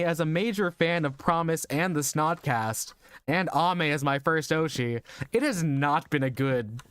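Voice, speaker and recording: A young adult man streaming a game as a VTuber chats casually, rambling and laughing often. His voice runs a little high, a bit bright and clean-toned though slightly strained, at a moderate pace.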